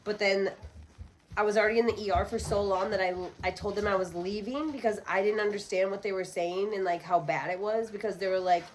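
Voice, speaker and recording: A woman's voice: mid-range voice, a little fast, slight background noise, low-quality recording. A woman in her thirties, a podcast guest talking candidly and bluntly, with rambling asides and frequent swearing. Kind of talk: candid casual conversation.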